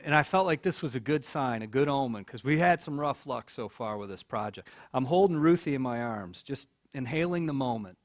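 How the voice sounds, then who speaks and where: A middle-aged man giving a storytelling speech as keynote speaker at a college, earnest, repeating words when he gets stirred up. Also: medium pitch. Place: college hall.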